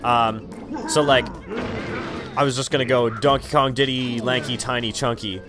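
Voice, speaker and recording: Young man, let's play commentary, rambling, swears a lot, mid pitch, game music behind. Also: fairly even intonation, moderate pace. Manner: rambling, many ums and likes, swears often. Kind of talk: casual gameplay commentary.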